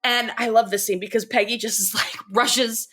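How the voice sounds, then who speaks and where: Bright-voiced woman animatedly recapping an episode. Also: on the high side, moderate pace. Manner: animated retelling, acts out quotes, swears. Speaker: podcast co-host.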